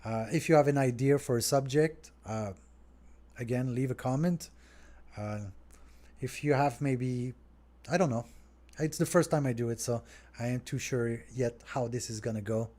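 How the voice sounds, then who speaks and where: A man's voice: mid-range voice, moderate pace. A middle-aged French Canadian man from Montreal, talking casually and rambling a little as he answers viewer questions on his podcast. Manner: relaxed, rambling, talks straight to viewers. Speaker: restaurant owner hosting a Q&A.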